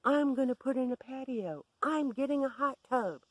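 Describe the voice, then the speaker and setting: A woman's voice: expressive, normal speed, darkish tone, dry recording. A storyteller voicing a raging, bug-eyed woman who shrieks and gasps frantically between lines. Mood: frantic boasting. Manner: shrill, frantic, gasping between screams.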